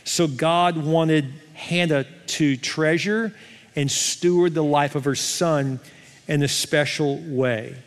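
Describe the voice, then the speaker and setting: A middle-aged male pastor preaching a sermon in a conversational, animated way, often asking the crowd questions. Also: on the high side, slow. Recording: long hall reverb.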